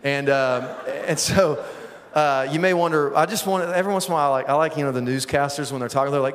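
A man preaching a sermon, mixing prayer with funny, self-deprecating stories and quick asides to the congregation. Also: a little high, big-room sound. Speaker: pastor. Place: large church auditorium.

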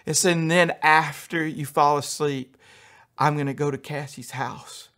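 A man's voice: fairly high pitch, steady tone, bright, forceful tone. A man preaching a sermon as pastor, telling funny stories with acted-out quotes. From United States. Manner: humorous, quick storytelling with acted-out quotes.

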